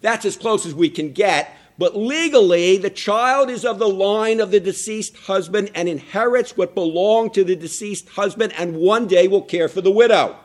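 A man preaching a sermon, explaining with emphatic rises and quiet drops. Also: sits high, normal speed, hardly any pauses. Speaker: pastor.

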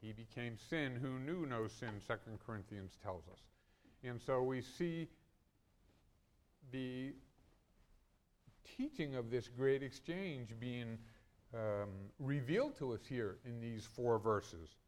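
A male pastor preaching a sermon in an earnest way. His loudness and pitch rise and fall widely for emphasis. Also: slow pace, long pauses.

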